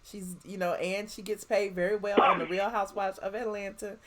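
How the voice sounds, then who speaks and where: A woman's voice: mid-range voice, flat delivery, brisk, very noisy. A woman hosting a call-in show, taking calls in a laid-back, teasing way. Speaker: host.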